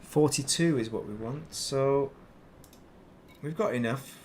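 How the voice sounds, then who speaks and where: A man's voice: medium pitch, slow pace, a little mellow, a little hiss or hum. Grumbling British man streaming a game. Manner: grumbling, muttering and swearing at the game. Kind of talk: casual gaming commentary.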